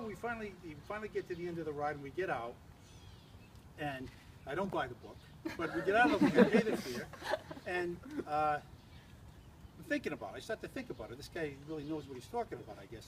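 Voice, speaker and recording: A man's voice: a little high, expressive, fast, over a noisy crowd. An older man giving a humorous toast at an engagement party, a rambling, teasing storyteller who restarts often.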